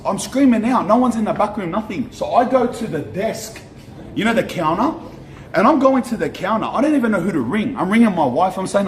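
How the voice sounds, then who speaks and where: High-voiced Australian young man, swearing. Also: fairly quick. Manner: animated, swearing, slangy, repeats himself. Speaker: streamer. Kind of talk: casual storytelling vlog. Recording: echoey with faint ambient noise.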